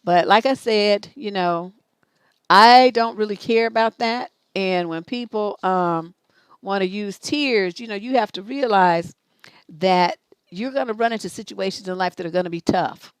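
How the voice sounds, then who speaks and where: At a medium pitch and unhurried pace, a middle-aged woman with a clean tone hosts a live relationship advice stream. Blunt and foul-mouthed, she scolds while acting out each side of the dialogue, on a dry recording.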